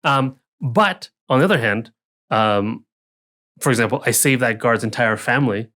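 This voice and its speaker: A man's voice: mid-range voice, normal speed, pushed and bright. A man co-hosting a casual tabletop gaming podcast, rambling with restarts and acting out townsfolk lines. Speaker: podcast co-host, dungeon master. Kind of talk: casual chat.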